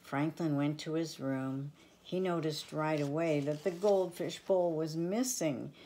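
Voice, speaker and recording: Older woman, grandmother storyteller, gentle, low voice, slow reading. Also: slight background noise. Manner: gentle and affectionate. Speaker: storyteller for children. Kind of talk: reading a children's storybook aloud.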